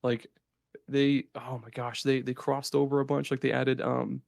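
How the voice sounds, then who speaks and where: A man co-hosting a podcast in casual chat, excited and swearing freely as he rambles. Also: mid-range voice, moderate pace, gravelly, no room sound, studio quality. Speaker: podcast co-host.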